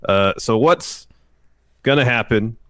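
A man's voice: mid-range voice, slow, smooth. A man co-hosting a casual news podcast who speaks wryly and skeptically, with frequent filler words. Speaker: podcast co-host. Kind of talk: casual wrestling news chat.

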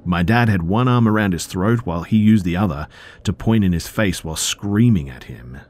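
A man calmly narrating true scary stories in a low-key, subdued way. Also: moderate pace. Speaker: storyteller.

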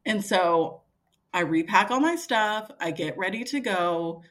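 A woman's voice: medium pitch, measured pace. A woman in her thirties telling a story casually as a podcast guest, acting out what others said, with many fillers. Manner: animated, quoting others in dialogue, frequent fillers.

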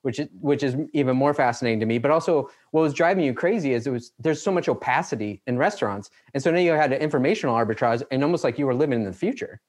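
A man's voice: medium pitch, animated, rapid-fire, few pauses. A man hosting a casual interview chat, thinking aloud and summing up his guest's story. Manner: reflective, sums up the guest's story.

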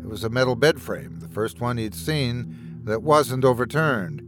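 A man's voice: mid-range voice, measured pace. A man, host of a horror story podcast, giving dramatic scripted narration. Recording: music bed underneath.

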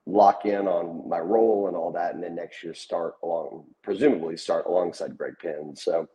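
Deep, mellow-voiced man talking sports. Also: steady tone, moderate pace, low-quality recording. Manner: conversational storyteller, retelling player quotes. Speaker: sports podcast co-host. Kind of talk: casual sports chat.

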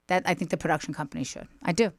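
A woman guest on a talk podcast, chatting casually and telling stories with emphatic, animated delivery. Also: deep voice, rapid-fire, no echo, studio quality. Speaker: guest, reality TV personality. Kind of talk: casual chat.

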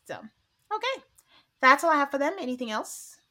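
A woman with a bright, fairly high voice recaps a reality show on a podcast. She talks casually and keeps jumping into little impressions of the cast as she goes. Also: moderate pace. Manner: animated, acts out quotes from the show. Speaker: podcast co-host.

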